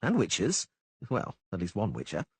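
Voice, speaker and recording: A man's voice: fairly low pitch, wildly swooping pitch, measured pace, darkish tone, slightly rough, no echo, heavily acted. A man voicing a cheeky young male bard who teases and jokes bawdily, in an audiobook. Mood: teasing. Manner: jeering, teasing.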